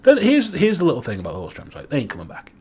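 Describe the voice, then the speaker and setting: A young man with a Manx accent, co-hosting a casual chat podcast, who swears freely and gets animated when he rants. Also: fairly high pitch, very fast, husky. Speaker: podcast co-host.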